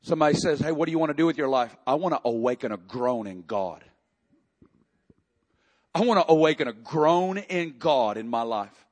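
A man preaching a sermon, reading scripture and building to impassioned, near-shouted prayer. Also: a little high, animated, moderate pace. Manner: impassioned preaching, rising to shouts in emotional passages. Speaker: pastor.

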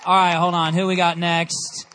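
A man with a bright, forceful, slightly high voice emceeing a youth service. He is upbeat and encouraging as he calls each speaker to the front. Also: completely flat delivery, moderate pace, a faint crowd, slight background noise. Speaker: host calling up speakers.

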